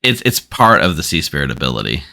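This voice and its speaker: A man hosting a streamed game, quickly explaining its rules to players. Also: a bass voice, very animated, vocal fry, pushed and bright. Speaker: game storyteller and stream host. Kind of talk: running a social deduction game on stream.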